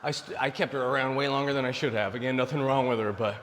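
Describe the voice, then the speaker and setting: A man's voice: medium pitch, steady tone, quick pace, fairly bright tone, in a large hall, slight background noise. A man in his forties giving blunt dating advice to male viewers in a casual, preachy monologue. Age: 40s. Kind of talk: casual direct-to-camera monologue.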